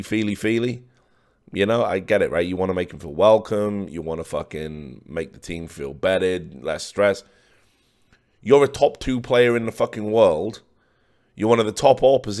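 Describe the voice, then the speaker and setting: A tired, hoarse man giving blunt, profane esports match analysis. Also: on the low side.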